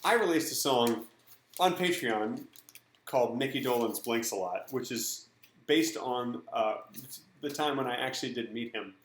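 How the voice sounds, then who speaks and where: A man's voice: medium pitch, unhurried. A man from Texas hosting a casual livestream, chatty and upbeat, thanking donors and reading messages. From Dallas, Texas. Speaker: livestream host. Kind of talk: casual live-stream chat. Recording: echoey room.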